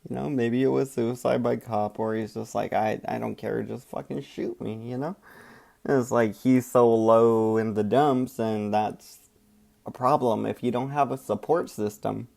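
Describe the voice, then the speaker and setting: A man's voice: mid-range voice, steady tone, measured pace, gravelly, a little mellow. A man hosting and commenting, speaking frankly and reflectively. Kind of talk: casual commentary.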